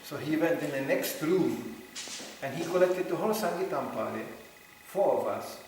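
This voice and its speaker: A man giving a religious talk, telling anecdotes with lively storytelling and acting out the voices of people he quotes. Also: a little high, moderate pace, creaky, a little hiss or hum. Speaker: devotional speaker. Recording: very echoey hall, mic far off.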